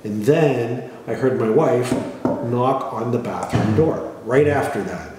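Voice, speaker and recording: A middle-aged man casually telling a personal testimony in a plain, relaxed way, often clearing his throat and restarting. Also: mid-range voice, takes it slowly. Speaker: father sharing a personal testimony. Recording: echoey room, voice from some distance, faint noise.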